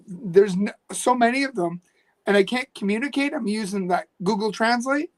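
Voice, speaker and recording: A man co-hosting a podcast in casual chat, who speaks haltingly with frequent restarts. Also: sits high. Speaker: podcast co-host.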